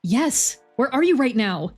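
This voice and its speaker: A woman playing a brisk, bossy coach. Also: sits high, sing-song, breathy edge, faint music behind, pitched above the performer's own voice, full character voice. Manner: brisk, commanding.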